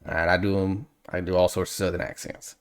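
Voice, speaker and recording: A man's voice: low voice, little pitch movement, a little fast, smooth. A man hosting a reaction video, chatting casually and analytically and drifting off on tangents.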